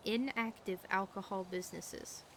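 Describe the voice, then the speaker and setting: A woman's voice: mid-range voice, steady tone, moderate pace, a loud crowd. A tired woman chatting in character during a roleplay stream, wry and blunt, swearing casually. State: tired late at night.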